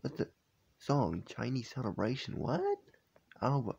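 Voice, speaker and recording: A young man murmurs reactions to his old clips in a lowered, half-whispered voice. He speaks slowly, and his pitch leaps around as he marvels at himself. A faint hiss sits under the recording. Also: sing-song, vocal fry. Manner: hushed, half-whispering, incredulous. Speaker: YouTuber. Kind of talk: reaction commentary on old videos. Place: home at night.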